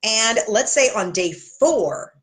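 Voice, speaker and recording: A woman's voice: on the high side, animated, slow. A woman health coach talking straight to camera, giving blunt, tough-love motivational advice with chatty asides. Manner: chatty, with asides and self-corrections.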